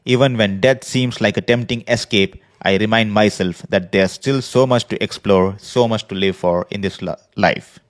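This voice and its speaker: A man with a fairly low voice speaks slowly and earnestly, as if reading his own carefully written words. He talks in a reflective, personal monologue as a podcast host. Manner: earnest, slow and measured, reading a prepared script. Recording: podcast voice recording.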